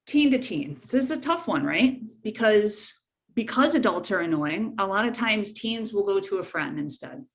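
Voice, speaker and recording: A woman's voice: medium pitch, animated, normal speed. A middle-aged woman counselor giving a frank, informal webinar talk to teens, repeating key points for emphasis. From United States.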